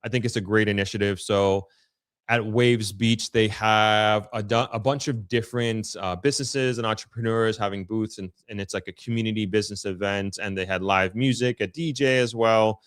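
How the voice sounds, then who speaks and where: Man, Long Island accent, lowish voice, chatty live-stream host, dry close mic. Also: steady tone, moderate pace, smooth, dry recording. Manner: chatty, upbeat, reads viewer comments aloud. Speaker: livestream host reading chat. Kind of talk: casual live-stream chat.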